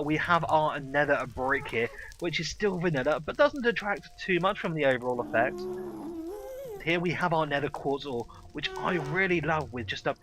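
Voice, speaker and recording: A man's voice: a little high, poor audio. A man hosting a game review, narrating over gameplay in an enthusiastic, playful way. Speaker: host.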